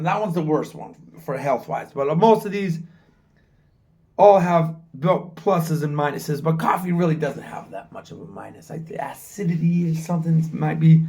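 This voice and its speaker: A man in his forties from the United States, talking frankly to his own camera in a rambling vlog and swearing freely. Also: fairly high pitch. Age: 40s. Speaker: travel vlogger. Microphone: camera mic, filming himself.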